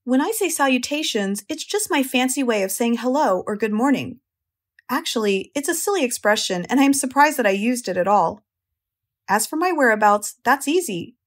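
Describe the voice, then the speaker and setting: A woman voicing a kindly, clever female spider in an audiobook, calm and a little fancy in her speech. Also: on the high side, moderate pace.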